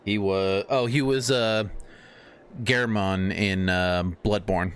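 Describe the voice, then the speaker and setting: A man's voice: on the low side, fairly even intonation, slow, clean tone. A man streaming a video game, chatting casually with viewers, rambling and swearing with lots of restarts. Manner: rambling, profane, stumbling restarts. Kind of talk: casual gameplay chat.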